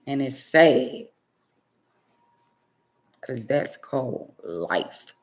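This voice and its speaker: A woman vlogger with a bass voice speaks extremely slowly but with great animation. She addresses her viewers directly in a preachy, scolding tone, repeating phrases for emphasis to drive her points home.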